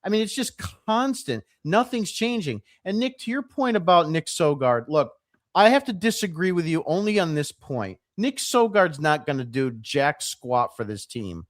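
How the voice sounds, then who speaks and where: Male podcast co-host, animated blunt arguing, dry close sound. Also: fairly high pitch, moderate pace, dry recording. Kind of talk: sports podcast discussion.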